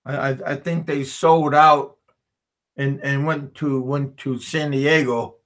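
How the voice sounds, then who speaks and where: A man hosting a casual livestream, reading viewer comments aloud and answering them in a halting way, with frequent repeats and restarts. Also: medium pitch, fairly even intonation, a bit bright. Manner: slow, chuckling, talks back to chat. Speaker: livestream host.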